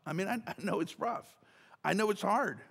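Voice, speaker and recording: A man's voice: high voice, moderate pace, gravelly, a bit bright, breathy edge. A man preaching a casual, joking sermon as pastor, talking chattily with many restarts and asides. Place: church sanctuary. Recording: church hall reverb.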